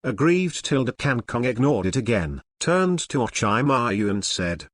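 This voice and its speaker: A male narrator reading a fantasy novel aloud, mid-pitched with animated, swinging inflection. The sound is close and dry, with no room around the voice. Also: a little slow, hardly any pauses, no echo. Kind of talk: scripted narration of a translated novel.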